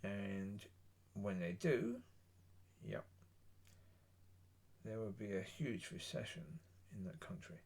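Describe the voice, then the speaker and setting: A man giving a blunt, opinionated solo monologue, rambling with pauses. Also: fairly low pitch, lively intonation, vocal fry, a little mellow, slightly rough. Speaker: political commentator.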